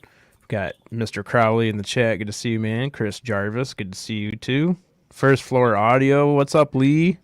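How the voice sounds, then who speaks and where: A man hosting a live online show in a relaxed way, greeting viewers in the chat. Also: mid-range voice, normal speed, clear, resonant tone. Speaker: host.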